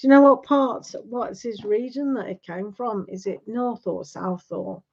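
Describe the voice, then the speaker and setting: Chatty woman host, slightly high voice, rambling casual talk, dull livestream sound. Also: a little slow, gravelly, a little mellow. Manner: chatty, rambling, tag questions. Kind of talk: casual chat with live viewers.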